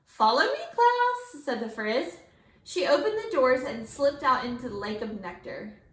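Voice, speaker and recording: A woman teacher reading a picture book aloud to her class, with lively character voices. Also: a little high, normal speed. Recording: echoey room.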